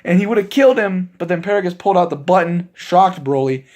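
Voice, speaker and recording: A man with a fairly high voice retells a film scene by scene in a loose, rambling way. He leans on fillers and restarts, and his excitement keeps spilling into laughter as he recaps for his viewers. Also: fairly quick. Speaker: movie reviewer. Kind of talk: casual spoken movie recap.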